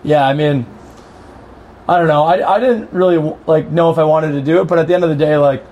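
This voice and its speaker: A man's voice: fairly high pitch, brisk, darkish tone, dull audio. A man, a pro hockey player on a podcast, easygoing and rambling, with lots of "like" and "you know". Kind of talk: casual podcast chat.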